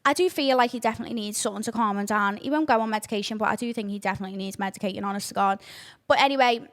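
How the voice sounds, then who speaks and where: A young woman, hosting a casual podcast, oversharing and swearing freely in animated outbursts. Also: medium pitch, rapid-fire. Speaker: podcast host. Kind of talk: casual chat.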